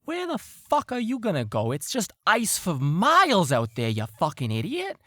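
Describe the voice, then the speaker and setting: A man voicing angry male sailors who shout and swear at each other. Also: sits high, wildly swooping pitch, moderate pace, no room sound, studio quality, pitched above the performer's own voice, full character voice.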